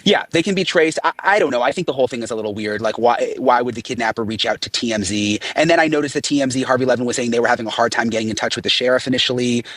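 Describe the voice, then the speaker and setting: A man reporting on a breaking case, speaking quickly with a doubtful tone. The sound is dry and close, and he often trips over the start of a sentence as he thinks aloud. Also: mid-range voice, a bit bright, dry recording. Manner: quick, skeptical, stumbling restarts. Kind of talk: casual discussion of a news case.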